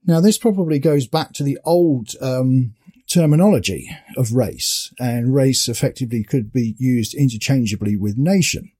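A man giving measured, explanatory spoken commentary on a political speech. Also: medium pitch, dark tone, breathy edge. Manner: measured, explanatory, pausing to think.

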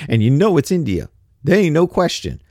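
A middle-aged man talks in a loose, rambling monologue, blunt and skeptical. His pitch rises and falls in an animated way. The sound is dry and close, with no room around it. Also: a little fast, no echo. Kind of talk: casual monologue commentary.

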